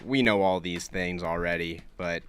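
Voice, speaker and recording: A male co-host with a low-set, bright, crisp voice ribs his partner in a dry, teasing way. His voice sits close and dry in a studio. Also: moderate pace, no echo. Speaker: podcast co-host. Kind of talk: casual racing podcast chat.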